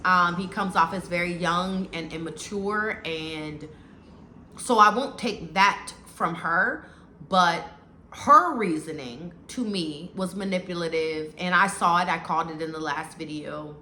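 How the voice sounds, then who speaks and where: A woman's voice: fairly low pitch, a little slow, pushed and bright. A woman giving a casual, opinionated recap of a reality show, talking bluntly and with animation. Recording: echoey room with faint noise.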